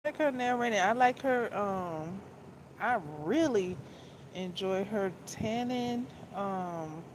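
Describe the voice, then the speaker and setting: Slow-talking woman in casual chat. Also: medium pitch, a little hiss or hum, low-quality recording. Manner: rambling, repeats herself, restarts phrases; animated, laughs often. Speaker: book vlogger.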